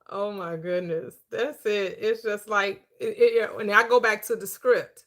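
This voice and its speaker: A middle-aged woman hosting a spiritual discussion, speaking slowly and emphatically and laughing often. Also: mid-range voice, fairly bright tone. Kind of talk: spiritual discussion group chat.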